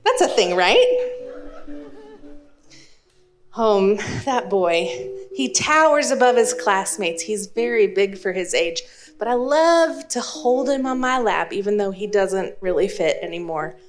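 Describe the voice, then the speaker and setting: Speaking slowly and expressively at medium pitch, a woman in her thirties from East Texas shares a funny story at her own expense before a live audience. She works as a speaker and Spanish teacher and has an East Texas accent.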